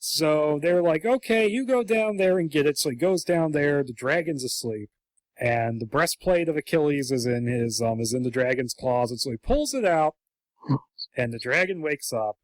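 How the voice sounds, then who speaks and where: A man's voice: medium pitch, lively intonation, normal speed, no echo. A man co-hosting a podcast, chatting casually and acting out quotes in comic voices. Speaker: podcast co-host.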